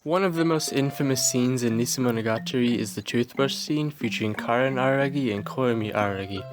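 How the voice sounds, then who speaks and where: A young man speaks in a dry, deadpan tone, delivering mock-scientific commentary as if it were a serious lecture. His voice is tired from recording in the small hours, sitting at a middle pitch. Clear background music plays under him throughout. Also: brisk. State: tired, late-night recording. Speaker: video essayist. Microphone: home recording mic.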